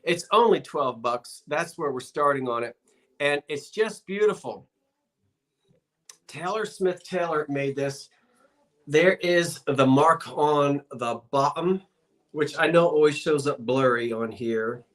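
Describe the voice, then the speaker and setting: Chatty, slow-talking man auctioneer. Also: on the high side. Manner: playful, chatty, joking salesman patter. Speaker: live auction host. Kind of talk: live online auction selling.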